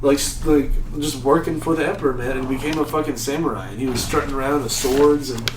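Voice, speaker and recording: A man's voice: medium pitch, steady tone, quick pace, noisy background. Rambling man telling crude stories, distant and echoey. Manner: rambling, puts on voices for characters, laughs a lot. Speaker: podcast co-host. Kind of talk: crude comedic storytelling chat.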